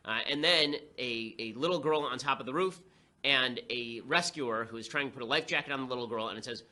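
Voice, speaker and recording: A young man delivering a fast, sarcastic, combative political commentary monologue. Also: mid-range voice, bright, forceful tone.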